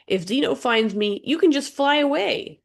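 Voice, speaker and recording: A woman voicing a timid young girl who cries easily, soft and quavering. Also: sits high, lively intonation, normal speed, vocal fry, pitched above the performer's own voice. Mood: tearful.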